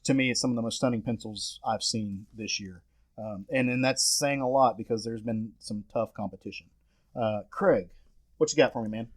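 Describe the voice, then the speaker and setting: A man's voice: mid-range voice, moderate pace. Enthusiastic man hosting a comics podcast. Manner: enthusiastic, restarts and fillers. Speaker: podcast host leading the discussion. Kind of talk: casual comics chat.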